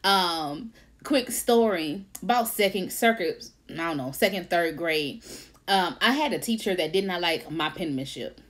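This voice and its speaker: A woman hosting a casual faith-based livestream, lively, laughing often and greeting viewers by name. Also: fairly low pitch, unhurried. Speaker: author and livestream host.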